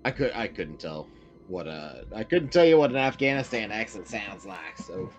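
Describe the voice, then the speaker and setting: A playful, joking man playing a tabletop game. His voice sits low and swings widely in pitch, with faint music behind. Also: very animated, moderate pace. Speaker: player.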